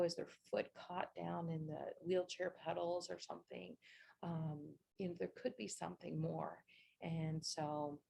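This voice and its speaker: A woman's voice: fairly low pitch, gravelly, a little mellow, a little hiss or hum. A woman who works as a nurse, giving a chatty, down-to-earth informal talk over a video call, full of asides. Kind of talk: informal presentation. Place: virtual meeting. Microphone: video call mic.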